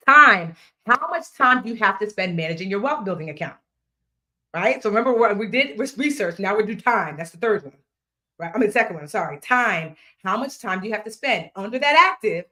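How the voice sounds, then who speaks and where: A woman in her thirties hosting a live online money class, playful and chatty, talking straight to her viewers with slang and asides. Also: medium pitch. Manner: lively, playful, talks straight to viewers, drops into slang and snatches of song. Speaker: financial educator hosting a live workshop.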